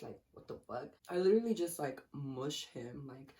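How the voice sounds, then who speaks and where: A young woman vlogger eats while casually telling a story, swearing a lot and animatedly acting out what people said. Her voice is low-pitched, at a moderate pace with hardly any pauses.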